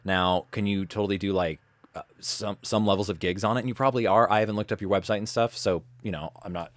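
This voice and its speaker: A man's voice: fairly low pitch, fairly even intonation, fast talker, no echo. A man coaching voice actors in a live webinar from his home studio, talking casually and rambling, often restarting his sentences. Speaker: voice-over coach.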